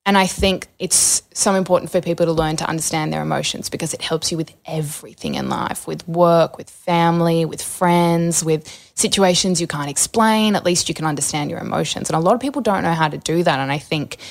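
A woman's voice: deep voice, steady tone, brisk, gravelly, few pauses. A young adult woman, a podcast guest, talking candidly in a rambling, chatty way full of fillers. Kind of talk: casual candid interview.

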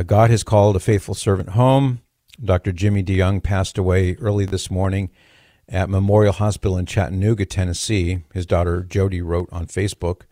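Man, radio talk host, very low pitch, dry studio sound, measured. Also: warm tone, no room sound. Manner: measured, conversational, occasional dry jokes.

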